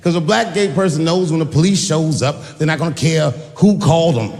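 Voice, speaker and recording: A man's voice: fairly high pitch, fairly quick, a little mellow, long reverb tail. A man doing a stand-up comedy set with a punchy delivery, acting out voices in his stories.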